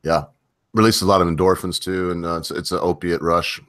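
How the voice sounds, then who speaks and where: A man's voice: low-pitched, fairly even intonation, brisk, a bit bright, dry recording. A male host chatting casually on a live stream, rambling and wandering off on tangents as he talks.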